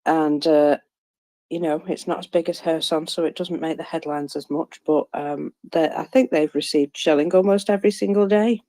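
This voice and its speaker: A woman's voice: low voice, steady tone, moderate pace, mellow, no room sound, low-quality recording. A woman in casual live chat about war news, rambling with many fillers and restarts. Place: at home, first thing in the morning. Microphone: phone or headset in live audio room.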